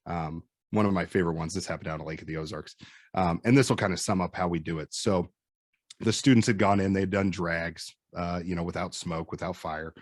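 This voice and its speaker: A Midwestern American man in his forties with a lowish, husky voice tells firefighting stories in casual chat. He acts out the lines of the people he describes. The sound is dry and close. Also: fairly quick, no room sound. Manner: animated storyteller acting out quotes. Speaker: firefighter and instructor guest.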